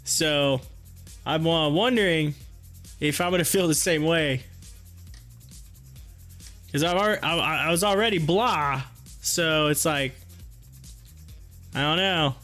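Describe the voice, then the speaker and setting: A man's voice: on the high side, takes it slowly, long pauses, bright, forceful tone, faint music behind. A man hosting a live stream, chatting casually and telling joking stories, often breaking into laughter. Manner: joking storyteller, laughs a lot.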